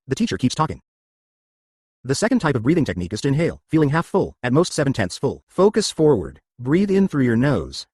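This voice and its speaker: A man talks listeners through stretches and breathing drills one command at a time. His voice is husky and dry, with no room around it. His pitch rises and falls in a lively way as he coaches. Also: dry recording. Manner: coaching, giving step-by-step commands. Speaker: exercise and breathing instructor. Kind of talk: guided exercise instruction.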